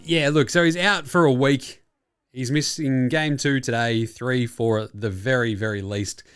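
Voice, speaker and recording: Lively, swearing Australian bloke. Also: male voice, a little high. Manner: profane, jokey and rambling. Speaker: podcast host. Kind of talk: casual sports chat.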